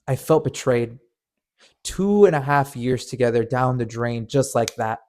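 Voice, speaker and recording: A man's voice: medium pitch, a little slow, darkish tone. A man narrating a painful personal story in an earnest, emotional way, often stammering and repeating words. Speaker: storyteller and channel host.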